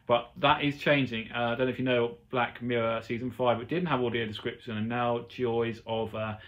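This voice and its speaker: A man's voice: mid-range voice, little pitch movement, normal speed, fairly bright tone, highs cut off. A man hosting his own podcast, giving a chatty, rambling, enthusiastic review of a TV episode. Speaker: podcast host. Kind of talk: casual solo TV review.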